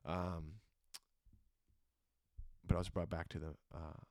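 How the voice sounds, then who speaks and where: Slow and level in tone, this young man's low, darkish voice carries a personal testimony on his solo podcast, recorded at studio quality with no room sound. The telling is earnest and emotional, filler-heavy, and shifts from jokes to reflection.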